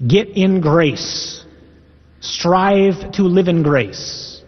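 A man's voice: high-pitched, animated, drawn-out words. A man preaching as a Catholic priest, earnest and emphatic, reading scripture aloud and explaining it. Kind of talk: sermon. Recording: echoey hall, dull lo-fi sound.

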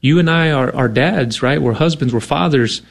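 A middle-aged man on the radio pleads earnestly for pledges, in a chatty way full of fillers. His voice sits at an ordinary middle pitch. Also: moderate pace, creaky. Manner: earnest, conversational, many fillers. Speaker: radio co-host. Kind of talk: radio fundraising appeal.

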